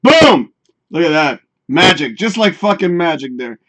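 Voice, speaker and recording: A man's voice: on the high side, big pitch swings, a little slow, a bit bright. A man hosting a live stream, chatting casually and cursing while he fiddles with his setup and talks to himself. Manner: profane, rambling, talks to himself while working. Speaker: livestream host.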